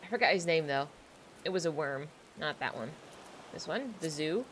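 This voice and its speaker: Young woman, casual stream chat, animated pitch, bright tone, faint noise behind. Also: normal speed. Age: young adult. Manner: chatty, rambling, self-deprecating. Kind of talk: casual livestream chat while playing.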